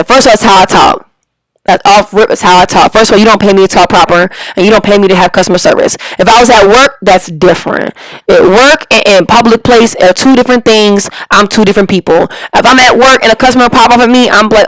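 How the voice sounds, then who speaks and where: A woman's voice: mid-range voice, steady tone, fast talker, no echo, poor audio. A woman, a parent, telling a story in a heated, emphatic, profane rant full of slang. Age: adult parent. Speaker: storyteller vlogger.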